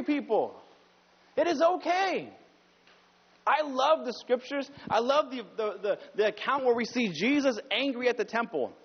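High-voiced pastor preaching in a reverberant hall. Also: male voice, husky. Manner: conversational preaching, rises high and loud when pressing a point. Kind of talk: sermon. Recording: dull sound with long hall reverb.

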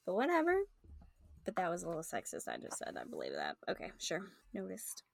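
A woman chatting casually about a book, animated and reading passages aloud. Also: on the low side, a little fast, creaky, no echo.

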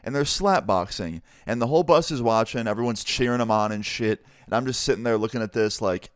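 A man's voice: clean tone, dry recording, clean studio sound. Laid-back young man telling a story. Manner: laid-back, swearing, low-key delivery. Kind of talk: casual storytime vlog.

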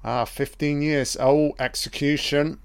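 A man's voice: a little high, fairly even intonation, unhurried, creaky, clear, resonant tone. Sweary man heckling a documentary. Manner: profane, heated, talks back at the screen. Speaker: commentator reacting to a documentary. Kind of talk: casual reaction commentary.

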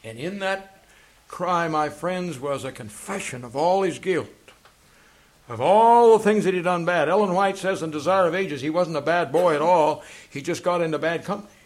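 A man preaching a sermon as pastor, fervent, swinging from loud declarations to hushed asides, and reading passages aloud. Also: a little high, moderate pace. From England. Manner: reads passages aloud from books.

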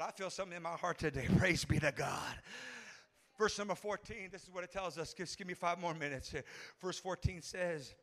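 A man preaching a fervent sermon as pastor, swinging from hushed passages to shouted ones and breaking into tongues. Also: a little high, normal speed. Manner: speaks in tongues between phrases.

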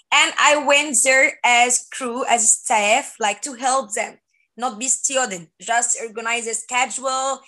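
Earnest young woman, bright voice. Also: fairly high pitch, low-quality recording. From Egypt. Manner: earnest, halting non-native phrasing with many fillers. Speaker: guest sharing testimony. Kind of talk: personal faith testimony.

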